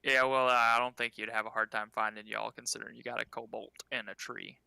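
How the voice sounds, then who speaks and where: A man's voice: medium pitch, little pitch movement, fast, creaky, bright, forceful tone, clear, resonant tone, dry recording, voice pushed down. A man voicing a blunt, folksy male innkeeper in a tabletop game.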